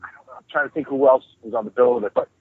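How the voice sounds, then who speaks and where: Man with a husky voice on a tinny phone line. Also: mid-range voice, very fast, no echo. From New York. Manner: profane, rambling, animated storyteller. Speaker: guest musician. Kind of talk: casual storytelling interview.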